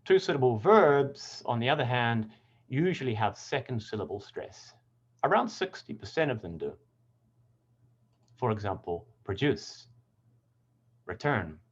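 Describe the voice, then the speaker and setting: A man leads a scripted pronunciation lesson in a voice with plenty of melodic movement. He stresses example words deliberately so listeners can copy them. The recording has a slightly muffled, lo-fi quality. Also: mid-range voice, sing-song. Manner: clear, deliberate word demonstrations. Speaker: English pronunciation teacher.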